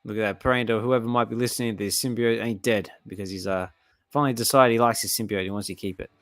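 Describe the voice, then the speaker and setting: A man's voice: on the low side, quick pace, no echo, studio quality. Chatty man reading comics aloud. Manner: chatty, excitable, reacts aloud. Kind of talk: casual comic book reading with commentary.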